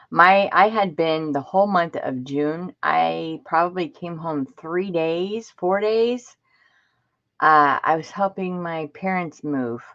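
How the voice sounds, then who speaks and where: A woman's voice: deep voice, dull audio. A woman vlogger chatting casually to her viewers, telling rambling stories. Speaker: crafting vlogger.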